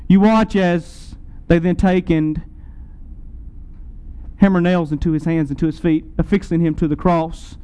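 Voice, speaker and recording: A man preaching a sermon, retelling a scene dramatically to his listeners and swinging between loud and soft. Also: on the high side, steady tone, a little slow, smooth, rough recording.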